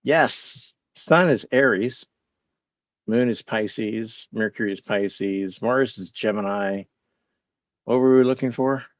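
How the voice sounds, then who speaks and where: Man, fairly low voice, casual streamer, reads chat aloud, bemused and self-mocking, dry slightly muffled audio. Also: slow, no room sound. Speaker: livestream host.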